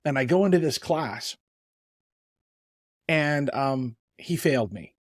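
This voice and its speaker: A man's voice: mid-range voice, expressive, slow, no room sound. A man in his fifties hosting a podcast, with a mid-range voice. He tells his own anecdotes in an easy, conversational way. The recording is dry and close. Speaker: podcast host. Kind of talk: casual podcast chat.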